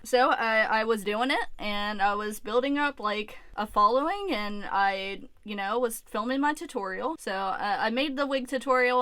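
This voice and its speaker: A woman's voice: medium pitch, a bit bright, no room sound. A young woman telling a candid, emotional story about her life online, swearing freely and full of restarts. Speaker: YouTuber. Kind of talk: personal storytime vlog.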